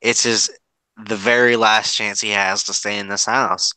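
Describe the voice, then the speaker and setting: A man co-hosting a podcast, giving measured, steady commentary on a contestant's strategy. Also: lowish voice, dry recording, rough recording. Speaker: podcast co-host. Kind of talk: casual commentary.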